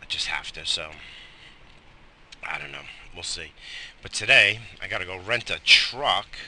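A man's voice: deep voice, unhurried, bright, forceful tone, a little hiss or hum. A middle-aged man, tired and coughing, rambling profanely in a casual morning vlog. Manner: profane, rambling, loose and chatty. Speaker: vlogger.

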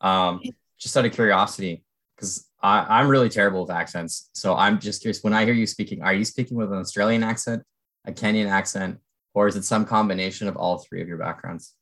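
A man from Canada hosts a casual interview in a fairly low voice. He rambles in a friendly way and often pokes fun at himself. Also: steady tone, a little fast, fairly bright tone. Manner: friendly, rambling, self-deprecating.

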